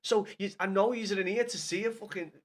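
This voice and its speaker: A man's voice: high-pitched, a little fast. Sweary Scouse man streaming football chat. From Liverpool, England. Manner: sweary, banters with chat by name, gets loud and excited. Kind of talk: casual live-stream chat with viewers.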